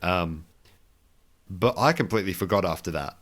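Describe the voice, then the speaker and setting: A man's voice: low-pitched, normal speed, a bit bright. A man co-hosting a podcast, chatting casually about a film with many restarts and wry asides. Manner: rambling, frequent restarts and fillers, wry self-mockery. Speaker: podcast co-host. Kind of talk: casual movie review chat.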